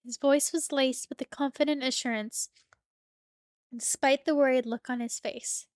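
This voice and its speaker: A young woman streamer reading a romance game's narration aloud in a steady storybook manner, close to her microphone. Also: sits high, moderate pace, no echo. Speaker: streamer reading a visual novel.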